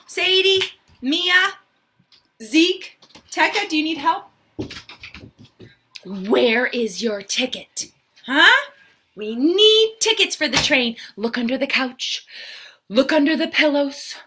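High, lively children's entertainer woman. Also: slow, long pauses. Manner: sing-song, exaggerated, talking to small children. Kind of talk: live-stream story time for preschoolers.

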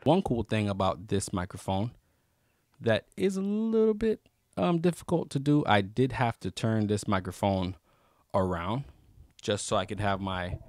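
Low-voiced man reviewing microphones. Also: no room sound, studio quality. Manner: relaxed, rambling, many fillers and restarts. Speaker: YouTube gear reviewer. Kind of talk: casual product review. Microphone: close studio microphone.

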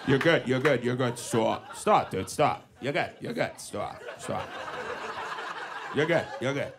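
A man voicing a gruff tough-guy buddy, talking low and halting in a live comedy club. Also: animated. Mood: soothing. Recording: live club with crowd noise.

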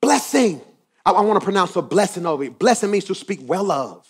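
A male pastor preaching a sermon, swinging from quiet asides to shouted emphasis and repeating phrases for effect. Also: sits high, very animated, brisk, breathy edge.

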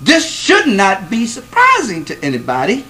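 A man's voice: high voice, huge pitch swings, normal speed, bright, forceful tone, low-quality recording. A man giving a classroom lecture to a live audience, speaking with emphasis, quizzing the listeners and repeating points to stress them.

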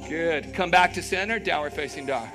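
A man's voice: on the high side, normal speed, music in the background. A man teaching a live yoga class, giving encouraging cues, checking in with "okay?", and making playful asides.

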